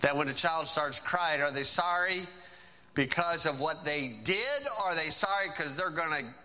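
Bright-voiced man preaching a sermon. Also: on the high side, normal speed, rough recording.

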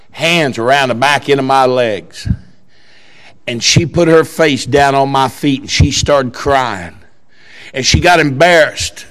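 A man preaching a sermon, telling a story in a folksy way that swings between quiet talk and shouted exhortation. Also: medium pitch.

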